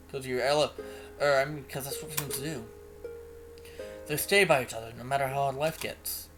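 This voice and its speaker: A man reading a visual novel aloud with an animated, expressive delivery, narrating and voicing the lead. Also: mid-range voice, normal speed, pauses often. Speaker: game narrator and player. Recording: music playing underneath. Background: music.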